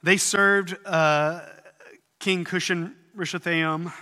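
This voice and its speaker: A man preaching a sermon in earnest tones, rising at times to loud, emphatic peaks. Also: a little high, moderate pace, in a large hall. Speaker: pastor.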